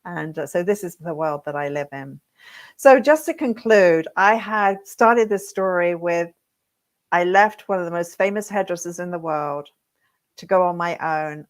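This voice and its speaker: A British woman, a hairdressing coach, telling her career story straight to camera with lively check-ins to her viewers. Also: fairly low pitch. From Britain. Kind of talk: reflective direct-to-camera talk.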